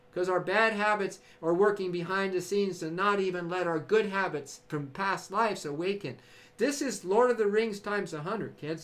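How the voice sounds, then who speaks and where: A man hosting a livestream, giving an enthusiastic motivational talk to his chat, preachy and exuberant, breaking into cheers and whoops. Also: high-pitched. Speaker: livestream host.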